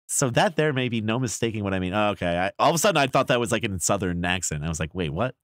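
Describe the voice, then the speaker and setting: A man's voice: lowish voice, lively intonation, rapid-fire, hardly any pauses, a bit bright, no room sound, studio quality. A young man streaming a horror game, muttering, swearing and laughing as he plays. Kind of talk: casual gameplay commentary.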